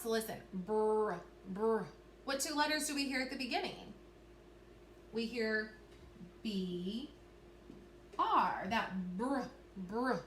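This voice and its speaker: A woman teaching a recorded phonics lesson to young children, slow and clear, stretching out sounds and encouraging them. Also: on the high side, pushed and bright. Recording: echoey room with faint background noise.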